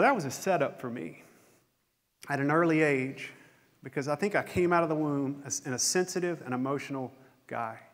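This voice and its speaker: A man's voice: on the high side, fairly bright tone. A middle-aged man giving a conference keynote, telling a candid, self-deprecating personal story on a concert hall stage. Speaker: conference speaker. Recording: long hall reverb.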